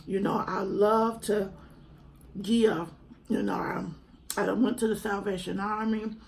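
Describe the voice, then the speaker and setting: A woman's voice: mid-range voice, fairly even intonation, a little slow, gravelly, a little hiss or hum, poor audio. A young woman, earnestly and chattily talking to camera at home in a vlog. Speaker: mukbang vlogger. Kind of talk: casual heartfelt chat to camera.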